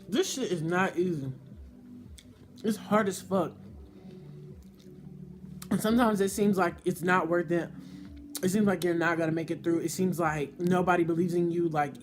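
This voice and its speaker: A young man talking earnestly and openly in a personal vlog, heartfelt and swearing freely. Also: high voice. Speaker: YouTuber. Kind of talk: emotional personal vlog monologue.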